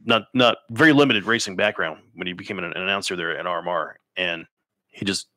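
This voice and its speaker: A man co-hosting a casual live racing stream, excitable and gushing with praise. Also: low voice, a little fast, no room sound. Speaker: co-host and announcer.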